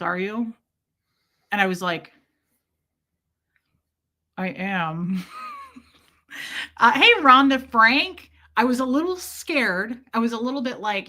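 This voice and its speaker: A woman hosts a casual livestream, telling a rambling story. Her voice is bright and forward. She keeps breaking off to welcome viewers by name. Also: fairly high pitch. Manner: chatty, greets viewers mid-story, quotes people in little voices.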